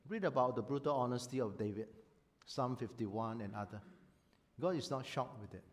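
A man preaching a sermon as a pastor, animated and emphatic, often acting out voices. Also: mid-range voice, normal speed.

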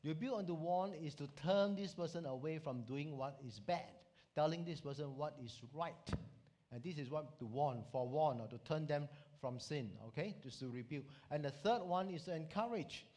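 A man's voice: on the high side, moderate pace, darkish tone. A man from Singapore with a Singaporean English accent, preaching a sermon and telling stories animatedly with local slang. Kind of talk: sermon with Bible teaching.

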